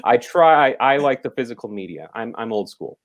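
A man co-hosting a podcast, reviewing a film in rambling, halting casual talk full of fillers and restarts. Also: medium pitch, lively intonation. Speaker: podcast co-host reviewing films.

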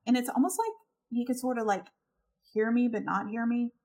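A woman's voice: fairly high pitch, brisk. A woman co-hosting a podcast, telling stories in casual conversation, acting out the quotes and laughing often. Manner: animated storyteller, acts out quotes, laughs often. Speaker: podcast co-host.

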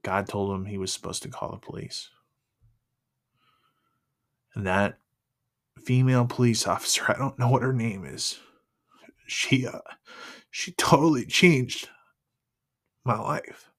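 A man sharing his personal faith testimony in an earnest, emotional, halting way. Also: mid-range voice, fairly bright tone.

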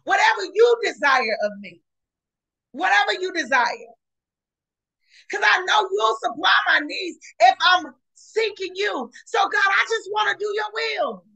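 A woman preaching a fiery podcast sermon, often shouting and repeating exclamations. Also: very high voice, lively intonation, measured pace, vocal fry, poor audio. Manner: shouting, repetitive exclamations, colloquial.

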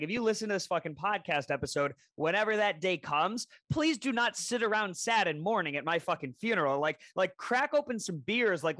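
A man in his twenties co-hosting a podcast, telling stories in casual chat, animated and full of swearing. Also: high-pitched, dry recording. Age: 20s. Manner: animated storytelling, heavy swearing. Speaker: podcast co-host.

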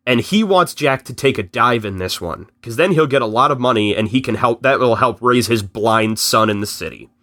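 Man, casual podcast recap, animated storytelling, bright tense tone, dry sound. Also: medium pitch, dry recording. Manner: animated storytelling with quick character quotes. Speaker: guest recapping a film.

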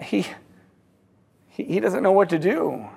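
A man with a notably high voice tells a parable in a sermon. He talks haltingly, often doubling words and restarting his sentences as he goes. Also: very animated, gravelly, a little mellow, slightly rough. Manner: halting, frequent word repeats and restarts. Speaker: speaker telling a fable.

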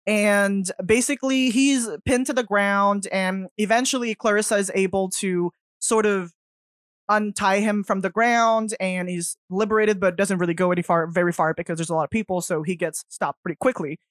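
A woman's voice: medium pitch, steady tone, normal speed, no echo, studio quality. A woman co-hosting a horror film podcast, chatty and laughing often as she muses on the movie. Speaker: podcast co-host. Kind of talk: casual film discussion.

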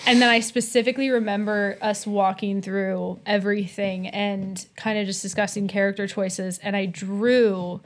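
A young woman in her twenties, a podcast guest, telling a story in casual chat, animated and laughing often. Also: mid-range voice, moderate pace, hardly any pauses. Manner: animated, laughing, acts out quotes.

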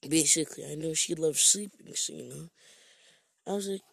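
A man's voice: on the high side, moderate pace, vocal fry, fairly bright tone, slightly rough, no room sound. A man from Jamaica telling a rambling, profane, self-mocking story in a casual monologue.

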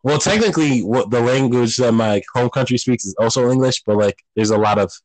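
Man, podcast host, casual chat, quick laughs, mid pitch, dry sound. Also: no room sound, rough recording. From United States. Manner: animated, profane, laughs often.

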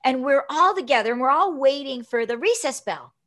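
A woman in her fifties, a guest telling a personal story in an animated, chatty way, often checking in with "right?". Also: high-pitched, fairly quick.

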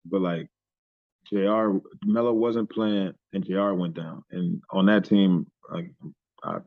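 A low-voiced man in his thirties tells stories in a relaxed, profane, animated way. His voice comes through a thin, phone-like line with no room sound at all. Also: a little slow, vocal fry, no echo. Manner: animated, profane, lots of "you know what I'm saying". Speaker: podcast guest, former pro basketball player. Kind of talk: storytelling in casual chat. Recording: tinny phone-like line, dry.

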